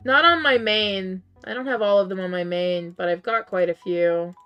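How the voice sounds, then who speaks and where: A woman game streamer chatting casually with her live chat while she plays. Her voice is worn and strained because she is losing it. She answers chat and often jumps up into high, disbelieving outbursts. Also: normal speed, clear, resonant tone, lo-fi sound, faint music behind.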